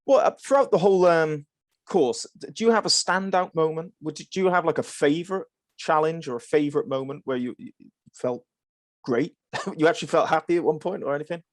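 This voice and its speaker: A man's voice: on the high side, fairly quick, dry recording. A man hosting a podcast, casually prompting his guest with questions. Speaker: podcast host. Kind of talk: casual interview.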